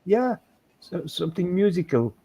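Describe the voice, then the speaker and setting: Male co-host, patient painting coach, casual stream chat, voice sits a touch high. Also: big pitch swings, moderate pace, creaky, mellow, husky. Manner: patient, step-by-step instructing.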